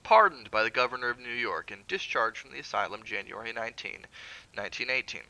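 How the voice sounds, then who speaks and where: A man voicing a sinister, commanding older man who makes crisp, imperious pronouncements. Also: medium pitch, animated, quick pace, sharp tone, dry recording, rough recording. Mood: cold reading.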